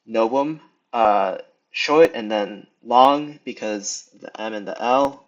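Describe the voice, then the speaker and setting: A young man giving a casual screen lesson, talking through it with many pauses, ums and restarts. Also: on the low side. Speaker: video tutor. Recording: slightly dull lo-fi sound.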